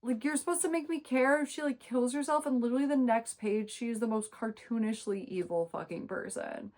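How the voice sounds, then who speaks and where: A woman's voice: fairly high pitch, brisk. A woman reviewing a book in a casual vlog, exasperated and emphatic, ranting and swearing freely. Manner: expressive, emphatic.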